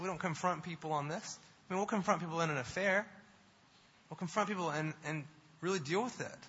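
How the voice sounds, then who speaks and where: A male pastor preaching a sermon, emphatic, building to animated repetitions. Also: fairly high pitch, creaky, breathy edge. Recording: dull sound in a long-reverb hall.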